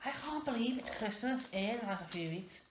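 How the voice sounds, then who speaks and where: A woman's voice: fairly high pitch, expressive, moderate pace. A woman in her thirties, chatting casually and rambling in a self-mocking way as a vlogger while wrapping presents at home. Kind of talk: casual vlog chat. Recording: echoey room with clear background noise.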